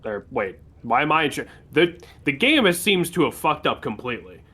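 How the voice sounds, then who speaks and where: A man's voice: medium pitch, very animated, normal speed, pushed and bright, slightly rough. A man giving casual, sarcastic commentary while playing a video game, cursing freely. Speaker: game streamer.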